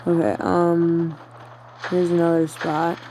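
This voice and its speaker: A woman's voice: lowish voice, flat delivery, slow pace, dark tone, slight background noise, low-quality recording. A woman playing a video game and thinking aloud, talking to herself with lots of fillers as she goes. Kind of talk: casual let's-play commentary.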